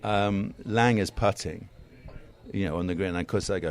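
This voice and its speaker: A man in his sixties from England, a golf commentator telling animated stories as a podcast guest. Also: low-pitched, normal speed. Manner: animated storyteller, slips into mimicry. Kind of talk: casual interview chat.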